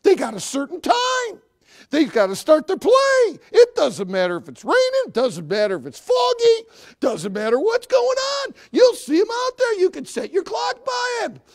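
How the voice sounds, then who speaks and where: Gravelly, animated older male preacher. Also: very high-pitched, moderate pace. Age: 60s. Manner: animated, swings from hushed to shouting. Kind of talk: sermon with personal storytelling.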